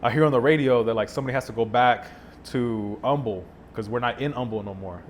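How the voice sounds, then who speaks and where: Young guy, mid-pitch, easygoing and animated storyteller, for a casual podcast anecdote. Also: fast talker, slight background noise. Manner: animated, laid-back storyteller with many fillers.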